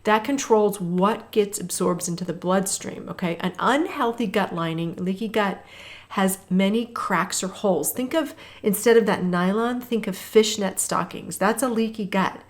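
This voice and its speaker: A woman's voice: mid-range voice, moderate pace. A woman in her fifties, a health coach hosting a walking workout, chatting and calling out intervals while she walks, a little breathless at times.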